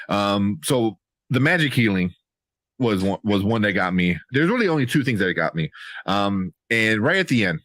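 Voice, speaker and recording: Animated man riffing on a movie. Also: on the low side, no room sound. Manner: animated, laughing, mocking characters in playful voices. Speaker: podcast co-host. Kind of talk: casual movie review chat.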